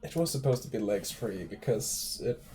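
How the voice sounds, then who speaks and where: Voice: mid-range voice, animated, normal speed, dark tone, a little hiss or hum. A game developer on a casual stream, thinking aloud while working at the computer. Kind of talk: casual dev stream chat. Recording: clear background music.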